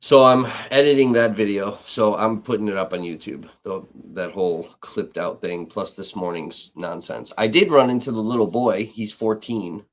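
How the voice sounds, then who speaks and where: A man's voice: on the low side, moderate pace, hardly any pauses. A man live-streaming, telling a rambling, heated story in casual chat, swearing freely and restarting his sentences. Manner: heated, profane, with frequent restarts.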